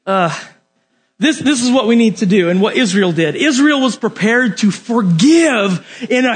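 A man's voice: high voice, slightly rough. A man preaching a sermon in a casual, joking way, talking straight to his listeners.

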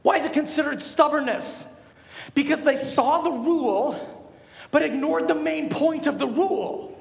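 A young man preaching a sermon as a pastor, telling stories with animated energy and rising to shouts. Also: very high-pitched, measured pace, vocal fry. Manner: animated storytelling, rises to shouts. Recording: echoey hall.

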